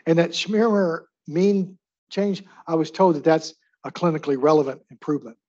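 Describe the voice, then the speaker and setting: This pharmacy lecturer talks casually about drugs to a live audience and has them vote by raising their hands. He speaks at a moderate pace in a fairly high, slightly mellow voice, and the sound is lo-fi.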